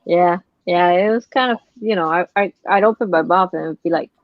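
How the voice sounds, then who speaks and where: A woman's voice: fairly low pitch, fairly quick, no room sound. A woman from the northern United States chatting as a guest collector, laughing often with hesitant fillers. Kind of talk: casual chat. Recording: dull lo-fi call audio.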